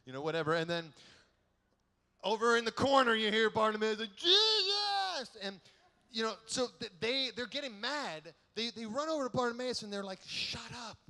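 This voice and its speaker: Animated man preaching in an echoey hall. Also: sits high, brisk. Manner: animated, joking storyteller who acts out quotes. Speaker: keynote speaker. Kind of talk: youth conference keynote sermon. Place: large conference hall.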